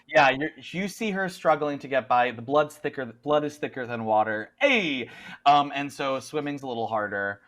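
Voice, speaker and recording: A man running a tabletop horror game as game master, narrating animatedly and often laughing. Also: medium pitch. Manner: animated, quick to laugh, filler-heavy.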